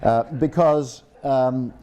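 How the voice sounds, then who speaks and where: A man's voice: mid-range voice, slow, dark tone, lo-fi sound. An older man, a professor giving an informal public talk, genial and digressive, with frequent restarts and ums. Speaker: guest speaker, linguistics professor. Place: room with an audience of guests.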